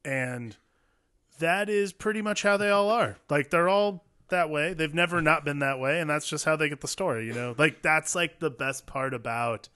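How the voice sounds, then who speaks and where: A man's voice: fairly high pitch, moderate pace, bright, forceful tone. A man in a casual film discussion, loose and chatty, dropping swears and fillers. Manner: loose, swears, lots of likes.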